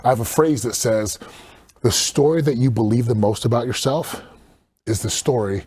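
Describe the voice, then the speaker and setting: A man speaking as a podcast guest, telling stories in an earnest, animated way and acting out quotes. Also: medium pitch, moderate pace, husky, no room sound. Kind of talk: casual podcast conversation.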